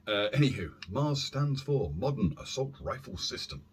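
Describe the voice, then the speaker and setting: A man hosting a casual airsoft gear vlog from his warm room at home, rambling along with self-deprecating asides and filler words. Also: medium pitch, very animated, moderate pace, slight background noise. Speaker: airsoft YouTube channel host. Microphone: camera on a stand.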